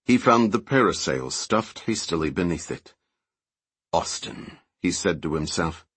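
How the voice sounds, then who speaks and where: Deep husky man narrating a thriller. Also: normal speed, no room sound. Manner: steady, even storytelling. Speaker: audiobook narrator. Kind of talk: scripted narration.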